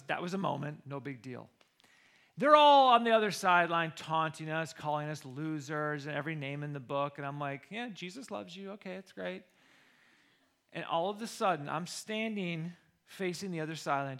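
Bright-voiced animated storytelling coach. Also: male voice, on the high side, creaky. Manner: animated, acts out the people he quotes. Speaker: football coach. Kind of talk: personal storytelling.

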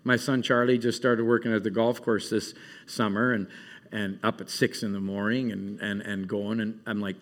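Earnest middle-aged man preaching at camp. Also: fairly low pitch. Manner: earnest, rambling, halting with fillers and restarts. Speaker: camp speaker. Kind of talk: informal sermon to a camp crowd. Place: meeting room at a summer camp.

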